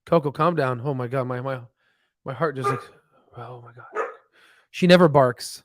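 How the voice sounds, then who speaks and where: Casting note: male stock-stream host, middle pitch, loose and rambling, dry close sound. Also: normal speed, long pauses, no echo. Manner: rambling, filler-heavy, thinks aloud with restarts. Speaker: stock market livestream host. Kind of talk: casual live chat while reading charts.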